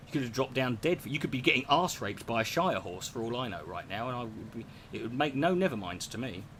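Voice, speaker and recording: A man's voice: medium pitch, fairly bright tone, slight background noise. A man, ranting casually to his chat, sweary and sarcastic. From England. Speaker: streamer answering chat. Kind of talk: casual profane rant.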